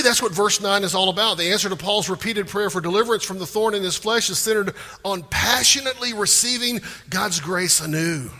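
A pastor preaching a sermon with animated delivery, acting out prayers in a rising voice. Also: male voice, sits high, big-room sound.

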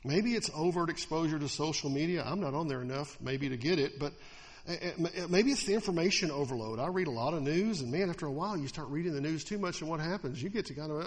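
A man preaching a sermon as pastor, animated, slipping into mocking voices to act out the attitudes he describes. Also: a little high, fast, long reverb tail.

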